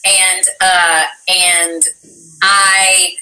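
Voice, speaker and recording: Bright, chatty Southern woman, echoey room. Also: fairly low pitch, drawn-out words, a little hiss or hum. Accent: Tennessee Southern. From Tennessee, US. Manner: chatty and animated, heavy use of "like". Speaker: voice actress guest. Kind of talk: casual interview chat. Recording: echoey room, distant mic, faint music.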